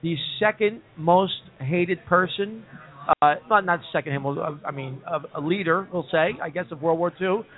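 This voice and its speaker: A man from New Jersey hosting a casual comedy talk show, chatty and quick to laugh, often repeating "listen". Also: high-pitched. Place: pub. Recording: tinny phone-like audio.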